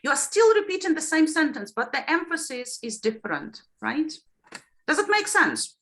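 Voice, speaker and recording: A middle-aged woman teaches trainee teachers in an online lesson. Her fairly high voice is bright and clear. It swoops widely as she models intonation and questions the group. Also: normal speed. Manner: lively, demonstrates intonation with questions to the class.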